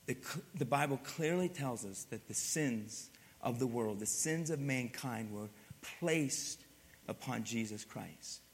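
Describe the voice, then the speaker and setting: A man's voice: lively intonation, unhurried. Passionate preaching man in a reverberant hall. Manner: swings from loud emphatic build-ups to hushed, low passages. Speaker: pastor. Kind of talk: sermon.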